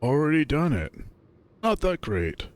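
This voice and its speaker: A man's voice: fairly high pitch, very animated, unhurried. A man voicing a grumbly, shy ram gamer. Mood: deadpan. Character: bulky young male ram gamer, shy. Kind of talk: reading a visual novel aloud.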